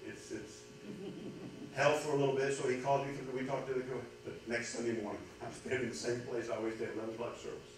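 A man's voice: medium pitch, flat delivery, fast talker, a little hiss or hum. A man preaching a sermon at a men's retreat, telling a story with rising passion and many restarts. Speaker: pastor. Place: large room at a men's retreat. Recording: very echoey room, distant mic, faint background.

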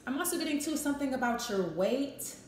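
A woman's voice: high voice, expressive, fairly quick. A woman doing a casual tarot reading, thinking aloud and acting out short quoted voices. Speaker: tarot reader. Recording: echoey room with faint noise.

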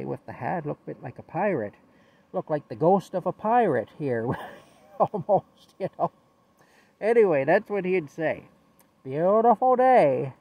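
Man, middle-aged, folksy rambling storyteller, phone mic outdoors, fairly high voice. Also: lo-fi sound, a little hiss or hum. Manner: rambling, folksy, chuckling between thoughts. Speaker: vlogger. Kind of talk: casual storytelling to camera. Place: outdoors in a blizzard. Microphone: phone held in hand.

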